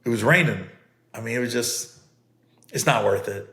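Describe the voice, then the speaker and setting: With a roomy echo around him, a middle-aged man hosts a podcast and tells stories on his own in a casual, earnest, conversational style that repeats itself a lot. His mid-range voice has a sharp tone and moves at a moderate pace.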